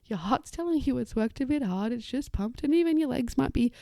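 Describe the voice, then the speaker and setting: A woman hosting an occupational therapy podcast talks, slightly high but dark and gravelly in tone. She explains things casually and sometimes acts out little quoted voices. The recording is dry and close. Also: lively intonation, a little fast, dry recording. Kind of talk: casual educational talk.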